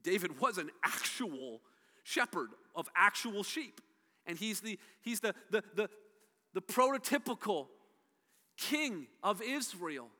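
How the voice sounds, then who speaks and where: A man preaching a sermon as a pastor, emphatic, his voice swinging from soft to loud. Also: sits high, very animated, measured pace, in a large hall.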